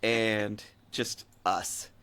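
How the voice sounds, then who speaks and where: A man's voice: lowish voice, flat delivery, bright, forceful tone, clear, resonant tone. Rambling, jokey male podcast host. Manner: rambling, jokey, quick asides. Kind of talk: casual podcast chat. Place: desert region.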